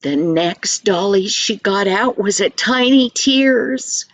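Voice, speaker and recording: An older woman telling a children's story in a gentle, sing-song manner, speaking to the listener directly. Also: medium pitch, animated, slow pace, no room sound.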